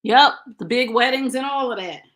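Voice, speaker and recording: A woman's voice: a little high, moderate pace, a bit bright. A woman in her fifties giving blunt, preachy relationship advice in a casual live stream, speaking straight to her viewers. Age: 50s.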